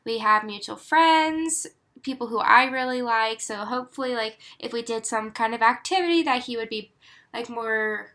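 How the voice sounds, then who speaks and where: A young woman co-hosting a casual podcast. She tells a story with lively energy and acts out each line of dialogue. Her voice is bright and sits a little high. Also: normal speed. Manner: animated storyteller, acts out quotes with many "like"s. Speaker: podcast co-host.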